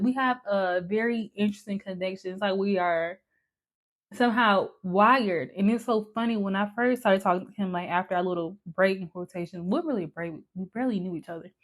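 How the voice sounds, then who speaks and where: Chatty young woman doing her makeup. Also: mid-range voice. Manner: chatty, candid, swears casually, many "like" fillers. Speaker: vlogger. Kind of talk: casual chat while doing makeup.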